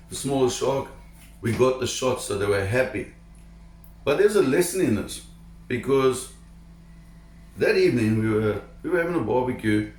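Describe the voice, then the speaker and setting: A man telling a personal diving story to camera in an animated, emphatic way, repeating words when excited. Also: fairly low pitch, reverberant, slight background noise. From South Africa. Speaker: shark diver telling a story.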